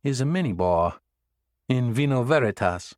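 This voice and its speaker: A man's voice: mid-range voice, expressive, moderate pace, darkish tone, dry recording, clean studio sound, close to an everyday voice. A man voicing a wry, confident male Secret Service agent in an audiobook.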